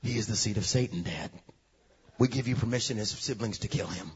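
A man voicing a smug, scheming sister who tattles in a hushed, sly mutter. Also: lowish voice, a little fast, slightly rough, muffled recording, pitched below the performer's own voice.

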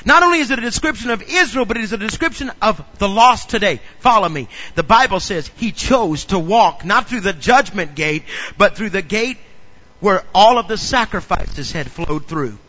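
A male pastor preaching a sermon in an animated way, often questioning the congregation. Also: sits high, normal speed, muffled recording.

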